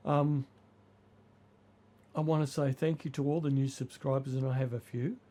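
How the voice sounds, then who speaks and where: An older man, hoarse from the flu, chatting casually and rambling through his model railway vlog. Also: mid-range voice, little pitch movement, normal speed, pauses often, dark tone, a little hiss or hum. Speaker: model railway channel host.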